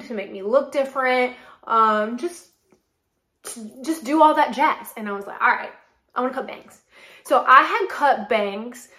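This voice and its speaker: Chatty woman in her late twenties, roomy sound. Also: a little high. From North Carolina, USA. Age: late 20s. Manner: chatty, animated storytelling with frequent "like". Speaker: podcast host and model. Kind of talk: casual solo chat.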